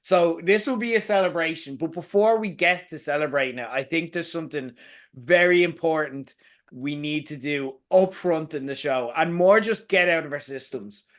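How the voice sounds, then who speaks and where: Brief: upbeat male podcast host, high pitch, swears and laughs through the chat. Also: normal speed. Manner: excitable, swearing, laughs often. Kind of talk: casual film podcast chat.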